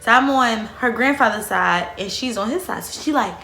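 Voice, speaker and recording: Young woman w doing a loud cussing storytime, bright voice, echoey room. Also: fairly high pitch, normal speed, creaky, few pauses. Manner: animated, profane, loud outbursts and quoted dialogue. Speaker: vlogger. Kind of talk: storytime vlog. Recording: echoey room with faint music.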